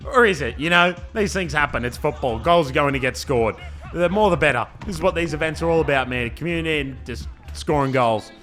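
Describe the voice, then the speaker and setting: An Australian man commentates his club's match footage in a loose, bantering way, saying "man" often and lifting his energy on attacks. His voice is bright and sits fairly high for a man. Light music plays behind him. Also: brisk. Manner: laid-back banter, says "man" a lot, excitable on attacks. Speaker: club owner commentating his team's match video. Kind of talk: casual play-by-play commentary.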